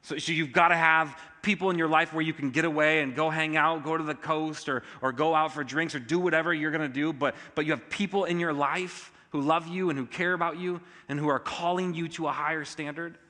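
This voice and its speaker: A male pastor preaching a sermon in a church auditorium, emphatic, with sudden rises in pitch and loudness. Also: steady tone, brisk, few pauses, long reverb tail.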